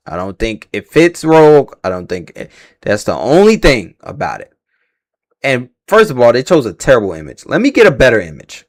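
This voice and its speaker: A man hosting a casual livestream reaction, rambling and slangy, swearing freely and stumbling over names. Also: medium pitch. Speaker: livestream host reacting to casting news.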